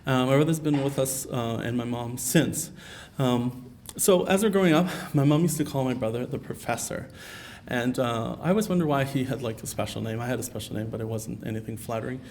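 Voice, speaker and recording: Male keynote speaker, mid-pitched, earnest storyteller, light room noise under the mic. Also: a little fast, darkish tone. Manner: earnest, personal storytelling with frequent fillers. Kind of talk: conference keynote talk. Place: conference hall.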